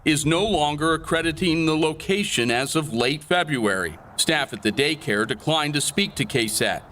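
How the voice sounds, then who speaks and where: A man reporting for local TV news, reading a scripted segment in a measured, formal way. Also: on the high side, expressive, a bit bright.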